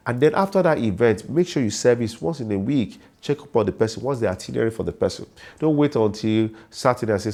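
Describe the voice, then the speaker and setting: A man's voice: lowish voice, lively intonation, fast, vocal fry, dark tone. A middle-aged man, an MC and comedian giving informal, repetitive career advice full of sayings. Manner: informal, repetitive, preachy with proverbs. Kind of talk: casual advice monologue.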